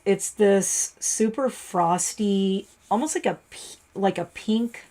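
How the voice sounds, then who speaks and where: A woman's voice: mid-range voice, slow, mellow. A middle-aged woman, a retired hairstylist chatting casually to livestream viewers while unboxing and reading labels aloud.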